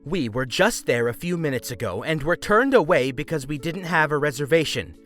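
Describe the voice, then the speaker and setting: A man voicing a shrill, furious, entitled woman customer who screams, bullies and interrupts. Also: animated, fairly quick, a bit bright, soft background music.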